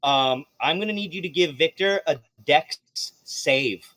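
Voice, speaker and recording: A playful man runs a tabletop game as game master, chuckling through his narration and swearing casually. His voice sits a little high. The sound is dry and close. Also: measured pace, pushed and bright, dry recording.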